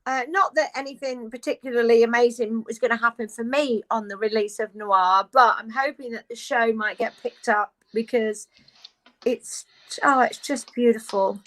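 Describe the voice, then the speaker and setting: A woman guest on a casual live video chat, lively and candid, talking from her beauty room at home. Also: a little high, normal speed, rough recording. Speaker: guest, actress. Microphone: video call.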